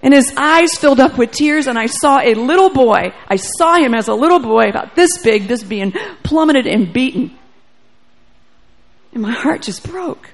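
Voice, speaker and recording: A woman preacher shares a testimony before a church audience. Her voice sits a little high with a gravelly, creaky texture. She acts out the dialogue as she tells the story. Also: lively intonation, moderate pace. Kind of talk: sermon testimony.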